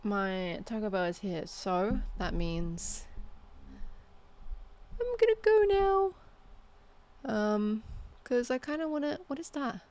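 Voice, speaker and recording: A woman's voice: mid-range voice, measured pace, few pauses, a little mellow. A woman live streamer chatting casually to her viewers, rambling and trailing off with fillers.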